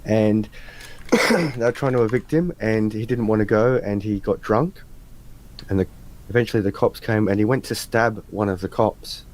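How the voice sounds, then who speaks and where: An Australian man, probably in his thirties, casually telling a story on a livestream and acting out the quotes. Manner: animated storyteller, acts out quotes in a higher voice.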